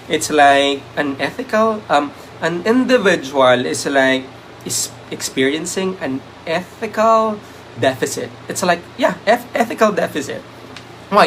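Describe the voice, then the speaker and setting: Male review lecturer, Filipino accent, slightly higher voice, Taglish, lots of fillers, faint noise behind him. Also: a bit bright. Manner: Taglish code-switching, many "um" fillers; thanks viewers by name. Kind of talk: live-stream exam review.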